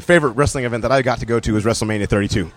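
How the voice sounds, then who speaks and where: Excitable, fast-talking man. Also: medium pitch. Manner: excitable, jokey, laughs often. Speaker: podcast co-host. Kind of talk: casual chat. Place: walking around a wrestling fan event.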